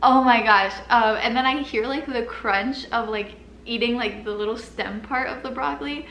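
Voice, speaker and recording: A woman's voice: on the high side, normal speed, vocal fry, fairly bright tone. A young woman telling a personal story in a casual, chatty way, filling her talk with "like" and nervous little laughs. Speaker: vlogger. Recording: echoey room with faint noise.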